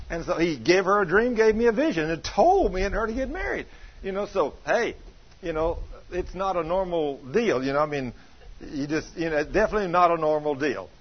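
A man's voice: high-pitched, expressive, fairly quick, slightly rough. A man preaching with folksy storytelling, using plain country grammar and laughing as he talks. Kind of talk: sermon with storytelling. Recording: dull lo-fi sermon recording.

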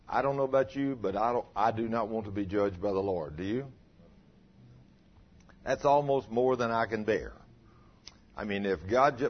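A man with a husky, expressive voice preaches a folksy sermon at normal speed, telling stories and throwing rhetorical tag questions at his listeners. His pitch swings dramatically, and the recording sounds dull and lo-fi.

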